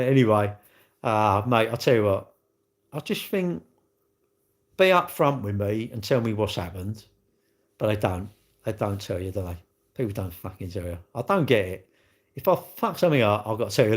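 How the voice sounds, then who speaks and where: A man's voice: fairly low pitch, animated, moderate pace. A British man in his fifties, a used car dealer, rambling bluntly and swearing in a casual live-stream chat.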